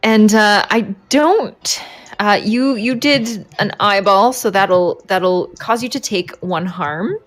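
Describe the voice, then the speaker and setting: A woman narrating a tabletop role-playing game as game master, in halting, filler-heavy speech. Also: mid-range voice, a bit bright.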